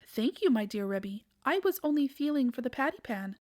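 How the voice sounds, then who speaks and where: A woman voicing a polite, anxious female dog at a storybook tea party, talking in a hurried, flustered way. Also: sits high, very animated, a little mellow. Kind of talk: storybook read-aloud.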